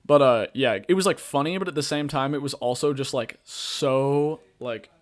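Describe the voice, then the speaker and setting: A man hosting a podcast, ranting in a loose, rambling way. His voice sits at an ordinary middle pitch, and he leans on filler words constantly. He is blunt and profane. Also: normal speed, hardly any pauses. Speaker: podcast host. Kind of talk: casual political rant.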